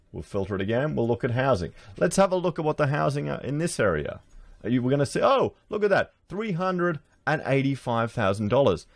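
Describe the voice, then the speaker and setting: A man's voice: medium pitch, no echo. An Australian man chatting casually to his viewers, sarcastic as he browses house listings and addresses them as guys. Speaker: political commentator.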